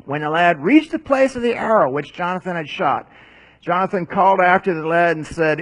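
Brisk and fairly bright, this pastor's high-sitting voice carries him through a Bible passage. He preaches and teaches conversationally, tossing in asides and rhetorical questions.

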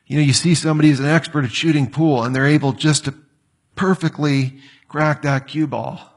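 Lively, joking male preacher. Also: on the high side, a little fast. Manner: lively, joking asides and quoted scripture. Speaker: pastor. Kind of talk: sermon.

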